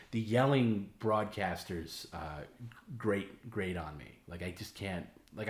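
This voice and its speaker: Low-voiced rambling male host. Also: roomy sound. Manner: rambling, heavy with filler words and restarts. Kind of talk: casual late-night stream chat.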